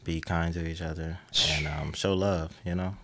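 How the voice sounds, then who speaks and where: Deep gravelly man, easygoing guest. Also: fairly even intonation, moderate pace, over a noisy crowd. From East Coast. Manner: easygoing, short laid-back answers, chuckles often. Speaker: podcast guest, community business leader. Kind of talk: casual podcast interview.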